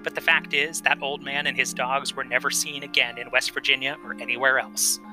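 A man hosting a storytelling show, reading a folk tale aloud and chatting with listeners in a measured, dramatic way. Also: medium pitch, little pitch movement, loud music behind the voice, low-quality recording. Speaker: storytelling podcast host.

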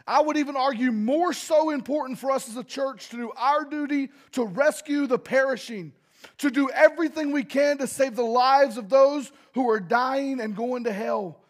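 A male pastor delivering an impassioned sermon, speaking directly to his congregation, with loudness that rises and falls sharply. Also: very high voice, moderate pace, hardly any pauses.

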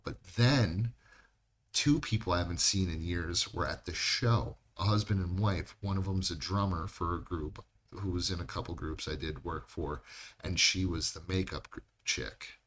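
A man's voice: deep voice, a bit bright. A man co-hosting a podcast, telling rambling, profane stories in casual chat. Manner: rambling, swears a lot. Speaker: podcast co-host.

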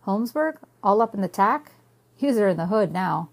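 A woman's voice: medium pitch, expressive, normal speed, vocal fry. A woman doing a goofy young party guy with a fake Jamaican accent. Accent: put-on Jamaican. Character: fast-talking young male party joker with a put-on Jamaican accent.

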